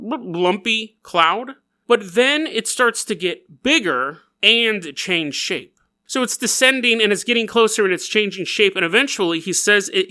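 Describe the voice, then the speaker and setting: A man hosting a podcast, telling a strange story in a playful, jokey way with quick asides. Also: high voice, sharp tone. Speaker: podcast host. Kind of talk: casual comedic storytelling.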